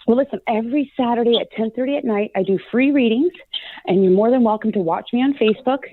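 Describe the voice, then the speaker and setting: A woman's voice: fairly high pitch, fast talker, noisy background. Chatty woman on a tinny phone line. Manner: chatty, effusive, lots of "like" and "you know". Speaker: psychic reader guest. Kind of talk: casual call-in radio chat. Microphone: phone call-in.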